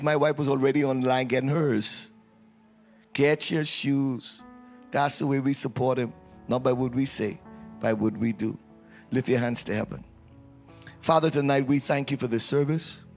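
A man leading a church service as pastor, with announcements and prayer, teasing the congregation and calling for responses. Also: medium pitch. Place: church sanctuary.

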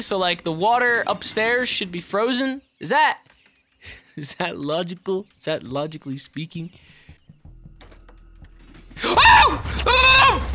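Excitable swearing gamer man, lively pitch. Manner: excitable, swears a lot, yelps and shouts when startled, then mutters and jokes. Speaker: gaming YouTuber. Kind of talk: let's play commentary.

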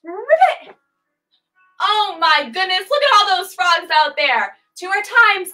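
Her pitch is extremely high and expressive, her pace slow and her tone sharp as she runs a livestreamed kids' yoga session. The woman, in her twenties, sings her cues playfully and barks and meows through the animal poses. Faint music plays under a rough recording.

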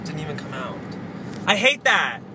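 A young man with a high voice rants on a phone camera in a sassy, profane, theatrical way. Traffic and street noise run clearly behind him as he films outdoors and from a car. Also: big pitch swings, moderate pace. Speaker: vlogger. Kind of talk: casual vlog rant.

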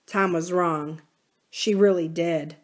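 Brief: woman library reader, low voice, measured book narration. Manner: measured, even storytelling. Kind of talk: reading a novel aloud.

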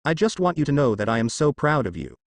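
A man reads as a weary father full of regret, speaking in halting, apologetic phrases. The pitch moves in a lively way, and the sound is dry. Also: no room sound. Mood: regretful.

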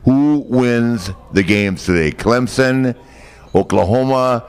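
A man's voice: medium pitch, takes it slowly, clean tone. An older man co-hosting a podcast, teasing and boisterous with announcer-like flourishes. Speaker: podcast co-host. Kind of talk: casual chat.

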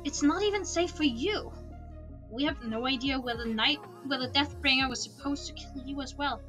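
A woman voicing a sharp-tongued, sarcastic young female dragon, dry and snappish. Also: high-pitched, moderate pace, faint music behind.

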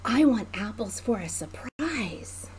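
A woman voicing a thoughtful little girl rabbit in a children's storybook, gentle and helpful. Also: a little high, big pitch swings, moderate pace, slight background noise. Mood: eager.

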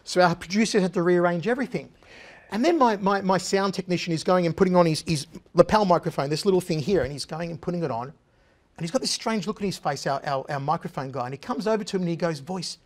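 A middle-aged man telling a comic anecdote as a guest on a talk show, animated and chatty. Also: high-pitched, fast. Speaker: guest, former TV interviewer. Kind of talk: casual storytelling anecdote.

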